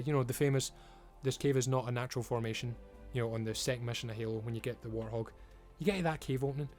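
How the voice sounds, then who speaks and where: A man's voice: mid-range voice, a little mellow. Man ranting, sweary and frustrated. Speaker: video creator. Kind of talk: ranting commentary.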